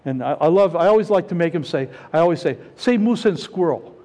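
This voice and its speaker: Middle-aged pastor, high animated voice, chatty sermon full of questions to the room. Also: male voice, brisk. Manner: conversational, repeats himself, asks the congregation questions. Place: church sanctuary. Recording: long hall reverb.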